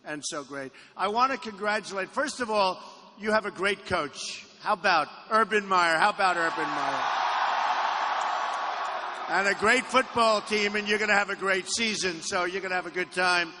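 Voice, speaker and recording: Man, rally speech, high voice, boastful, repetitive, echoey hangar with faint noise. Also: normal speed, sharp tone. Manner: boastful, rambling, repeats phrases. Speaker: presidential candidate at a campaign rally. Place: aircraft hangar with a crowd.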